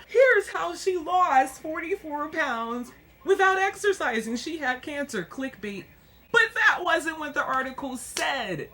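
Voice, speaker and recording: A young woman talking casually to camera in a vlog, animated and excitable, often laughing and jumping up high, with a self-deprecating, dark sense of humor. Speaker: vlogger.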